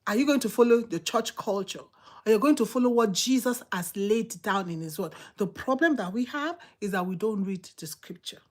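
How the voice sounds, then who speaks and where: A woman with a Nigerian English accent preaching a sermon, emphatic and repetitive, swinging between loud exhortation and quiet asides. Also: medium pitch, expressive, moderate pace.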